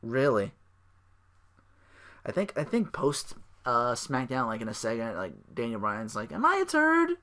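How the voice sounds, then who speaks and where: A man's voice: medium pitch, a little slow, pauses often, a bit bright. A man hosting a solo podcast, recapping in a rambling, sarcastic way with fillers, restarts, profanity and weary sighs. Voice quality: sarcastic, profane, mocking impressions of wrestlers. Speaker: podcast host.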